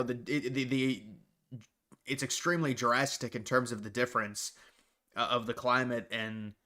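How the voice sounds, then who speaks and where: Man, livestream host, from Ohio, casual chat, blunt, rambling, mid-pitch. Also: fairly bright tone. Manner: rambling, blunt, trailing off into restarts. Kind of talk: casual livestream chat, reading viewer questions.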